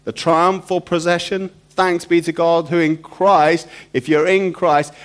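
A man's voice: a little high, flat delivery, unhurried, hardly any pauses. A man preaching a sermon, emphatic and repetitive, throwing rhetorical questions to the congregation.

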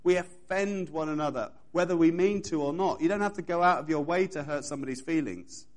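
A man's voice: a little high, brisk. A man preaching a sermon in church, building emphatic repeated phrases and speaking straight to his congregation. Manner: emphatic, repetitive preaching cadence; engages congregation directly.

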